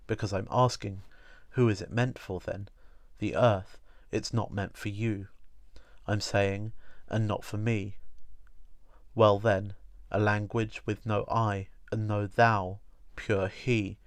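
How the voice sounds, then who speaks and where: A man reading literary prose aloud in a slow, meditative, repetitive cadence. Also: on the low side, dry recording. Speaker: reader.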